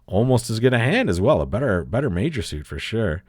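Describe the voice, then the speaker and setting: A man's voice: lowish voice, big pitch swings, brisk, darkish tone, no echo, clean studio sound. A man giving a casual bridge lesson while he plays, thinking aloud, laughing often and calling his listeners folks. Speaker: bridge teacher. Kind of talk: casual play-along bridge lesson commentary.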